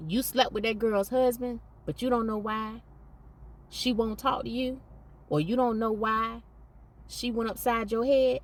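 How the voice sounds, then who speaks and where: A woman's voice: fairly high pitch, fairly even intonation, unhurried. A woman hosting a podcast, speaking candidly and emphatically and repeating points for stress. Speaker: podcast host.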